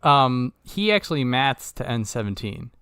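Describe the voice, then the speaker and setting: A man with a mid-pitched voice talks casually and wryly, muttering to himself as he works through numbers. The recording is dry and close. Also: sing-song, normal speed, fairly bright tone, clear, resonant tone, no room sound. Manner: wry, mumbling while working through numbers. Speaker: podcast co-host. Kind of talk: casual chat.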